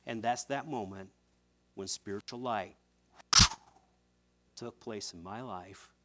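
A male preacher delivering a fervent sermon. He drops to a hushed, low voice and then climbs into loud, emphatic passages, and he doubles up words when he leans on a point. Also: slow, a little hiss or hum.

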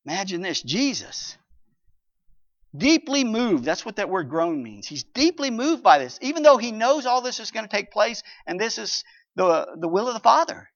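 Male pastor mid-sermon, emphatic and expressive, swinging between hushed and loud; muffled lo-fi audio. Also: sits high, normal speed. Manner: reads scripture aloud. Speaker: preacher. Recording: dull lo-fi recording.

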